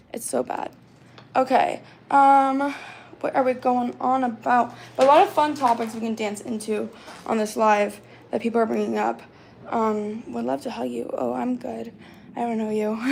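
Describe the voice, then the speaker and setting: A woman's voice: a little high, gravelly, darkish tone, slight background noise. A woman in her twenties chatting casually on a livestream from her apartment, rambling and reading out comments with lots of "like" fillers. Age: 20s. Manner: rambling, heavy use of "like" fillers. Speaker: livestream host.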